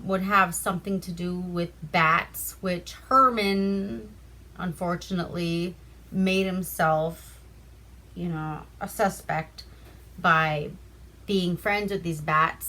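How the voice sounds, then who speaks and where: Sex: woman. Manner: slow, bright, chatty recap. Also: fairly low pitch. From Alaska. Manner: loose, chatty retelling with profanity and fillers. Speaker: movie reviewer. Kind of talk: casual movie recap.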